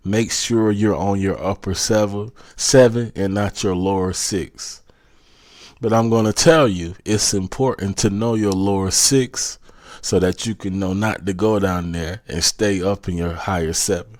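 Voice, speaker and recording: A man's voice: deep voice, fairly even intonation, unhurried, a little mellow, no echo, clean studio sound. A man from South Carolina with a Southern accent, hosting a podcast and giving a preachy, motivational monologue that keeps repeating its urgings. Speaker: podcast host.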